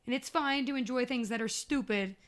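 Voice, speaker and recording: A woman in her thirties hosts a podcast, opening the show and chatting in an animated, expressive way. Her voice is smooth and clear and sits a little high. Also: fairly quick. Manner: animated, expressive, grossed-out reactions. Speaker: podcast host. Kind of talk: casual chat and show intro.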